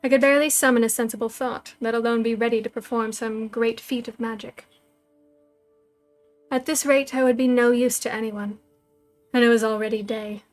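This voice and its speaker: A woman with a fairly high voice reads a novel aloud, narrating in the first person. Her delivery is measured and level, and soft music plays in the background. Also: fairly even intonation. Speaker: storyteller.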